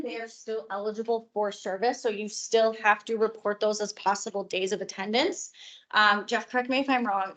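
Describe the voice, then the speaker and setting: A hoarse woman presenting at a conference, explaining in a chatty way with joking asides. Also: on the high side, fairly bright tone. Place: conference room.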